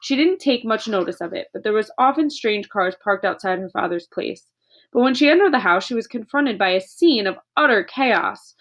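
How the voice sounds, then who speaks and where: A woman narrating a children's book aloud in a steady storytelling voice. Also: mid-range voice, normal speed. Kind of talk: audiobook reading.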